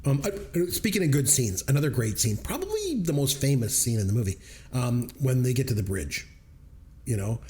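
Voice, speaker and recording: A man co-hosting a movie review podcast, telling stories in an animated way and laughing often. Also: medium pitch, moderate pace. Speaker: podcast co-host. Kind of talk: casual movie review chat.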